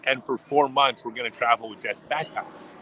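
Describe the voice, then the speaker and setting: A man's voice: medium pitch, steady tone, normal speed, bright, forceful tone, slight background noise, poor audio. A middle-aged man chatting casually on a livestream, rambling and often restarting his sentences. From United States. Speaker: livestream host.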